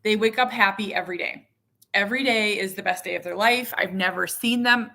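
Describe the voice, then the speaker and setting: A woman's voice: mid-range voice, fairly quick, creaky, bright, forceful tone. A woman in her thirties talking casually to camera as a mother and vlogger, frank and self-mocking, with lots of fillers. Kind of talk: casual candid chat to camera.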